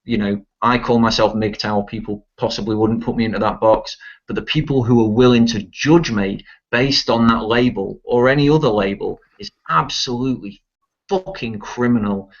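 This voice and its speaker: Over dull lo-fi voice chat audio, a teenage boy with a lowish voice speaks at normal speed. He's a participant in a casual online discussion, ranting bluntly and swearing often.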